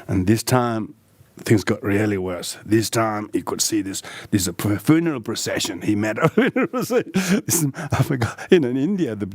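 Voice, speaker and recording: An older lama telling a story in a low voice, laughing often and stopping to restart his sentences. The sound is dry and close, with no room echo. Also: animated, normal speed. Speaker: lama, meditation teacher. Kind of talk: dharma talk, storytelling.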